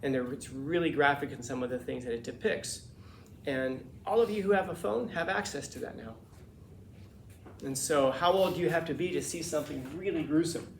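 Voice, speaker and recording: A man's voice: on the high side, a little fast, vocal fry, echoey room, a little hiss or hum. A male teacher lecturing his class in a conversational, emphatic way, acting out the voices of people he quotes. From Los Angeles.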